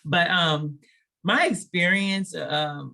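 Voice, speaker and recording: A woman from Los Angeles, a panelist sharing her story in a relaxed way, chuckling and using many fillers. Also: lowish voice, slow.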